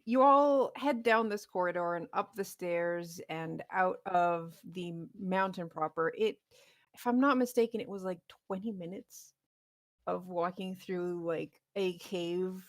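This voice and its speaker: A woman's voice: fairly low pitch, a little slow. A woman narrating as dungeon master in a casual, laughing way, with loose restarts. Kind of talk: narrating a tabletop game.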